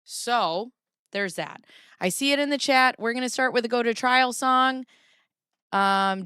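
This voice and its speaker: A woman's voice: on the high side, unhurried, sharp tone, clean tone, dry recording, studio quality. A woman hosting a casual livestream, chatting in a rambling way, greeting her viewers and swearing now and then. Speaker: livestream host.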